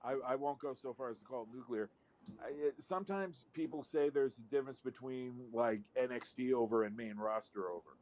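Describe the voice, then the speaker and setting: A man's voice: medium pitch, a little fast, darkish tone. A man on a live call-in show, rambling wryly in casual chat and swearing now and then.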